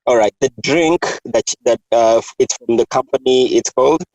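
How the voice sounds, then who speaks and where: A man hosting a casual chat, animated and laughing often, restarting his sentences. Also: mid-range voice, moderate pace, no echo, muffled recording. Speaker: host.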